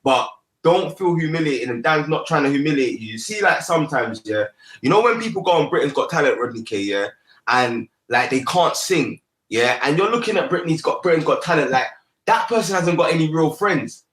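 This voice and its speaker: A man's voice: on the high side, animated, brisk, fairly bright tone. Roomy-sounding male host. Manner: persuasive, streetwise slang, repeats himself. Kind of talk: mediating an online panel.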